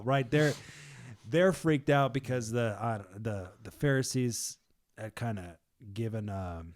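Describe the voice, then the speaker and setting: A man's voice: mid-range voice, slow, darkish tone. A man leading a casual group discussion, retelling a story in a chatty way with slang and laughter.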